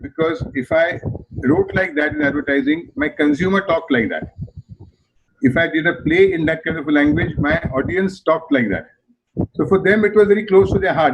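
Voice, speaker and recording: An older man with an Indian English accent, telling stories from his advertising and theatre career in an emphatic, animated way. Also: a little high, moderate pace. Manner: animated, emphatic, repeats phrases in threes. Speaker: advertising and theatre veteran guest. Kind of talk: reflective storytelling interview answer. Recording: muffled video call audio with noise.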